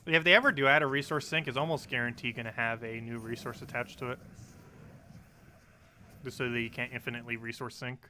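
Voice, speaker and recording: A man in his twenties from New Jersey, talking fast and casually as he streams a game. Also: medium pitch, fairly even intonation, pushed and bright, a little hiss or hum. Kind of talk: casual live-stream commentary.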